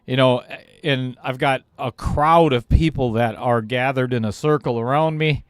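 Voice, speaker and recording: A man's voice: mid-range voice, moderate pace, clear, resonant tone, dry recording. A man commentating on a pool stream, telling a casual, self-deprecating story about himself and laughing at it. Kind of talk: casual anecdote told on air.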